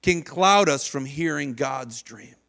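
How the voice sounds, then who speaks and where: A male pastor preaching a sermon in a church, animated and acting out the voices of people in the story. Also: a little high, takes it slowly, gravelly. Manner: animated, acts out quoted voices of biblical figures. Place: church stage.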